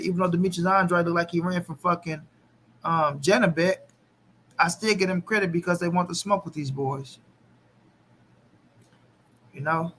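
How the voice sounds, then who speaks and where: Bright-voiced man chatting on a live stream. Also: high voice, slight background noise. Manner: loose, profane, talks back to chat. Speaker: boxing channel host. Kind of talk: casual live-stream chat.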